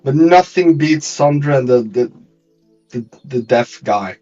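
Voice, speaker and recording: A man player chatting casually at a tabletop game, excitable and swearing. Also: mid-range voice, a little slow, soft background music. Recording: dull mic at a distance.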